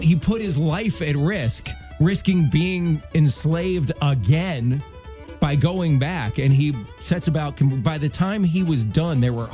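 A man's voice: a little high, slow pace, warm tone, soft background music. A man co-hosting a Christian morning radio show, telling stories in a loose, jokey, chatty way from a studio mic. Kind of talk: casual morning show banter. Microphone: studio microphone.

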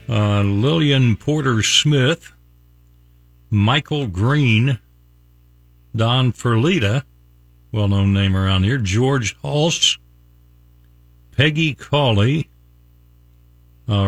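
A man hosting a morning radio show, talking unhurriedly and fond of puns and wordplay. His voice sits at an ordinary male pitch. The studio mic picks him up close and dry. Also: a bit bright, no room sound. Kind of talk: casual on-air banter and joke reading.

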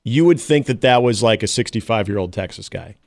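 A male sports radio co-host with a gravelly edge to his voice, recorded dry and close. He speaks casually and often restarts his sentences mid-thought. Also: fairly low pitch, expressive, fairly quick, no echo.

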